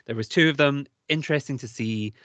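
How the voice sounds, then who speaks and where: A British man from the United Kingdom co-hosts a podcast, chatting casually in an enthusiastic, rambling way and laughing often. His mid-range voice is fairly quick with a fairly bright tone, and there is no echo.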